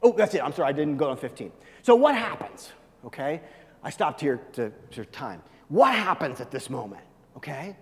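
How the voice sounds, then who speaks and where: A man's voice: fairly high pitch, big pitch swings, moderate pace, long reverb tail. A male pastor preaching an emphatic sermon, urging his listeners again and again to listen.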